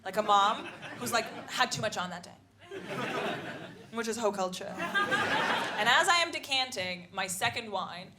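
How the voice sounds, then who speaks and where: A woman in her thirties performing a live stand-up set, animated and quick to jump into loud put-on voices. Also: on the high side. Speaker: stand-up comedian. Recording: live comedy club with audible noise.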